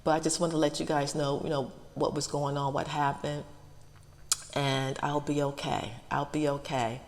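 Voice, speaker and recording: A middle-aged woman who hosts an ASMR channel, talking to her viewers in a halting, emotional way, repeating her words and close to tears. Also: low voice, little pitch movement. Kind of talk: emotional casual talk to viewers. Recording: long reverb.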